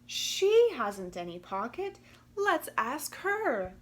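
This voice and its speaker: Storybook kangaroo mum, put on by a woman reader, high and sing-song, pleading, unhurried. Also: big pitch swings, full character voice. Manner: plaintive, pleading. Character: sad, gentle mother kangaroo. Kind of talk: storybook read-aloud.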